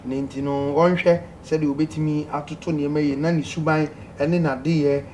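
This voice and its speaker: Male call-in host, upbeat, reads messages and laughs; higher voice, light noise behind. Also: normal speed. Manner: lively, laughing, pleading with callers to speak. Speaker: radio host reading listener messages. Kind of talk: call-in advice show.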